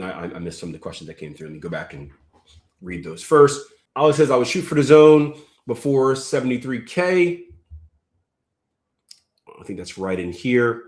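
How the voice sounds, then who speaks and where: A man with a fairly low voice leads a live trading lesson, talking loosely with fillers and restarts as he reads out viewer comments. The sound carries a noticeable room echo. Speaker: trading coach.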